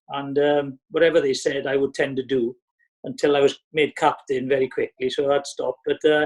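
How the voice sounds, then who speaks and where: A middle-aged Welsh man co-hosts a podcast in a rambling, excitable manner. His voice sits a touch high, and he restarts his sentences often. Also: rough recording. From Wales. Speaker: podcast co-host. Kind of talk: casual podcast chat.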